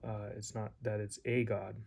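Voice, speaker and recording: A man's voice: fairly low pitch, flat delivery, moderate pace, creaky, darkish tone, husky. A man teaching a casual lesson, rambling and hesitant with many fillers and restarts. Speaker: Greek teacher.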